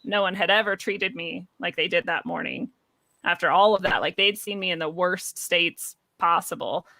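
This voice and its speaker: A young woman talks through a long personal story with a bright, tense edge to her voice. She laughs often and slips into other people's voices when quoting them. The sound is dry and close, with no room echo. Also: on the low side, moderate pace, gravelly. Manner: animated, laughs often, acts out quoted voices. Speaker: guest. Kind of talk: conversational storytelling.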